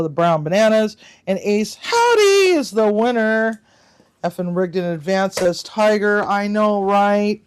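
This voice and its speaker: A woman hosting a casual livestream card game, reading out players' answers with chatty asides and frequent laughter. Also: lowish voice. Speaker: livestream host.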